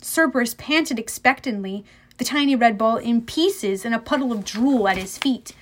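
Woman narrator, high voice, lively first-person audiobook reading. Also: moderate pace.

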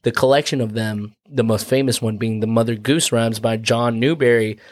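A man's voice: mid-range voice, fairly even intonation, normal speed, no echo. A man co-hosting a loose, chatty podcast, wandering through his points with swearing and side remarks. His voice sits in a middle register and sounds close and dry, with no room around it. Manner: rambling, profane, explains with asides. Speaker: podcast co-host. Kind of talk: casual chat.

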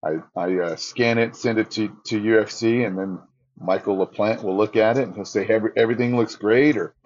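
A middle-aged man chats about announcing fights in a fairly low voice. He tells stories with lots of energy and jumps up high when he quotes himself. The sound is dull and lo-fi. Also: normal speed. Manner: animated storyteller, acts out his own quotes in a raised voice. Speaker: ring announcer, guest. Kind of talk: casual interview storytelling.

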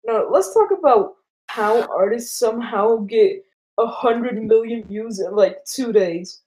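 A man's voice: high voice, unhurried, darkish tone. A teenage guy from Denmark co-hosting a podcast, chatting loosely, giggling and swearing often. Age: teens. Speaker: podcast co-host. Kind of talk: casual chat.

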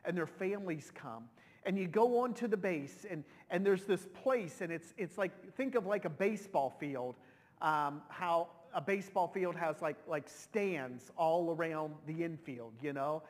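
A middle-aged pastor preaches in a relaxed, conversational way, often restarting his sentences as feeling rises in his voice. His pitch sits a little high for a man. A long reverb hangs after each phrase, as in a big sanctuary. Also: a little slow. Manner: emotional, conversational with many restarts. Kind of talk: sermon storytelling.

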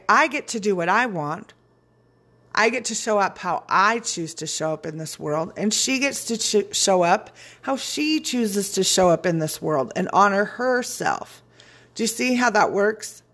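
A woman's voice: mid-range voice, fairly bright tone. A woman giving a frank, casual motivational talk. She swears freely and laughs often. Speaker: speaker on personal boundaries.

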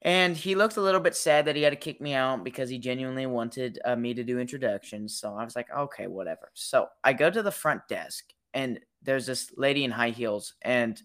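A young man with a mid-range voice chats as a guest on a casual podcast. He tells his stories with animated energy and acts out the people in them. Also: medium pitch, a little fast, few pauses. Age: young adult.

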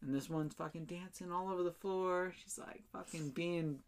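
A man's voice: high voice, steady tone, moderate pace. A young man telling a rambling story in casual chat, full of fillers and swearing and laughing as he goes.

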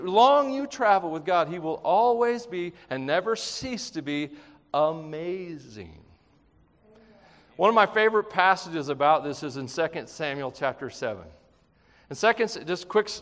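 A man preaching a sermon in an animated, conversational way, mixing jokes and acted-out quotes into his teaching. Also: high-pitched, big-room sound. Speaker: pastor.

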